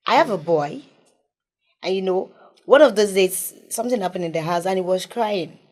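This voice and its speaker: A woman's voice: medium pitch, expressive, normal speed. Earnest woman on mental health. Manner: earnest, emphatic, drops to soft tones. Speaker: guest, mental health advocate. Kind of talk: conversational interview.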